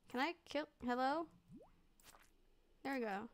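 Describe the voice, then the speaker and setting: A woman's voice: a little high, measured pace. A young woman streaming a game, chatting to herself playfully and slipping into mock old-fashioned phrases. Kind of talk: casual gameplay commentary. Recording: faint game music behind.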